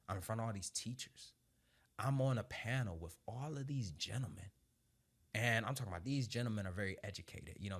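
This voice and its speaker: A man in his thirties, a former Marine sergeant, telling his story in conversation with animated energy, frequent laughs and casual swearing. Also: lowish voice.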